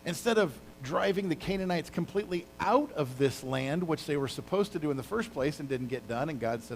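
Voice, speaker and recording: A male pastor preaching a casual, animated sermon, retelling a story with exclamations and asides. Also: a little high, a little fast, few pauses, slight background noise, poor audio.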